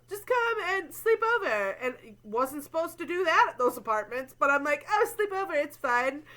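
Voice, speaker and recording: Lively, high-voiced young woman storyteller. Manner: animated, laughs often, many fillers. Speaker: podcast co-host. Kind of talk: casual storytelling chat.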